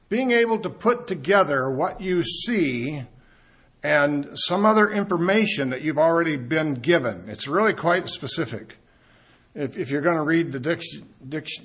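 A man's voice: mid-range voice, fairly bright tone, husky. A man teaching a Bible lesson, thinking aloud and correcting himself as he goes.

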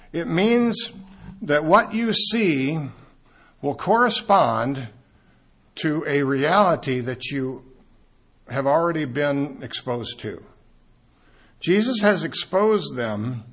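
A man's voice: a little high, a bit bright, husky. A man teaching a Bible lesson, thinking aloud and correcting himself as he goes.

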